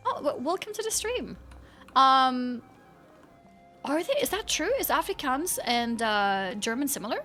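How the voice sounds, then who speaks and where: A woman's voice: sits high, animated, normal speed, few pauses, fairly bright tone, faint music behind. A woman chatting casually on a live game stream, reading chat aloud and laughing often.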